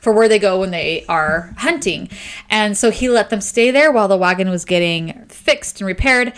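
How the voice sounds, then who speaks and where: Excitable woman retelling a novel. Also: medium pitch, normal speed, clean tone. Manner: excited retelling, acting out lines. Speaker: podcast co-host. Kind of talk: casual book chat.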